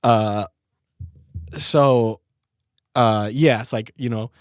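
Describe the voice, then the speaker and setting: A young man on a podcast tells a story in an easygoing, slangy way, breaking into laughter again and again. His voice sits in an ordinary middle pitch. It is recorded dry and close, with no room sound. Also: drawn-out words, smooth, no room sound. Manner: laid-back, laughs often, heavy swearing and slang. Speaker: podcast host. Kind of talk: casual storytelling.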